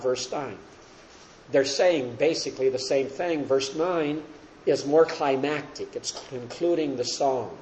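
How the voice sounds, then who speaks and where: A man leads a Bible study, walking his class through each verse and checking with them as he goes. His voice sits at an ordinary middle pitch. The room around him rings with a noticeable echo, like a classroom or church hall. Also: a little mellow, lo-fi sound, a little hiss or hum. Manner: explanatory, asks class questions. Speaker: Bible teacher. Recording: roomy echo.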